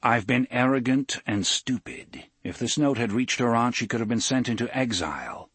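A man's voice: mid-range voice, normal speed, a bit bright, husky, dry recording. A man voicing a blunt, loyal young male friend in an audiobook, speaking in an earnest, raised voice. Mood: dry.

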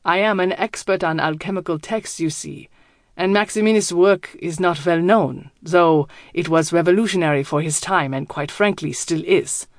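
Woman putting on a deep german professor guy, polite and formal, dry close sound, storybook voice. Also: normal speed, dry recording, lightly acted. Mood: courteous.

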